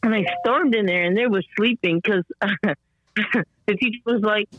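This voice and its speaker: A woman as a podcast guest tells her story in an animated, rambling way, full of fillers and restarts, and acts out the people she quotes. Her voice sounds slightly strained. The recording is dull and lo-fi with a dry, close sound. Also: medium pitch, a little slow, dry recording. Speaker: podcast guest, mother of an autistic son. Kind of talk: conversational storytelling interview.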